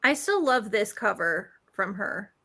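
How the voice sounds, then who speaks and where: A woman co-hosting a casual book chat, easygoing, agreeable and quick to laugh. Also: medium pitch, sing-song, bright, forceful tone, husky.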